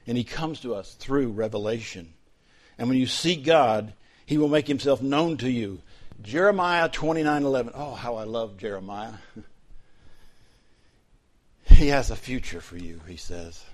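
A male pastor preaching a sermon, dropping to soft whispers and then rising to loud, fervent emphasis. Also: medium pitch, a little slow, pauses often.

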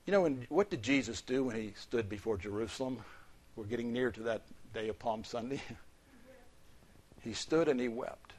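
A man preaching a sermon as pastor, rising to loud, emphatic peaks and dropping to soft, low asides, and reading scripture in a slow, stressed cadence. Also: lively intonation, slightly rough.

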